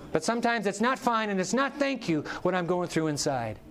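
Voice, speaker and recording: A male pastor delivering a sermon with a fairly high voice. His storytelling swings widely in pitch, and he often drops to a quiet, slow tone to press a point home. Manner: animated storytelling with sudden drops to soft, slow words.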